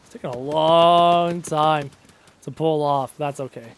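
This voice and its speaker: A man's voice: fairly high pitch, fairly even intonation, slow, clean tone. A man live streaming a game, chattily reading viewer questions aloud and answering them, humming little tunes to himself in between. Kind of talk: casual live stream Q&A while playing.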